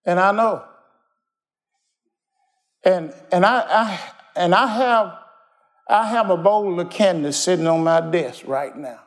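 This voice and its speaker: A man's voice: sits high, slow, pauses often. A man preaching a sermon as pastor, telling plainspoken stories in everyday slang and asking the congregation to call back answers. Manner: folksy, call-and-response preaching.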